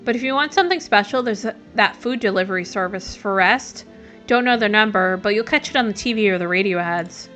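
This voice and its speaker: A woman's voice: medium pitch, brisk, fairly bright tone, soft background music, natural voice. A woman voicing a weary neighbor who shelters strangers, in a plain, resigned matter-of-fact reading.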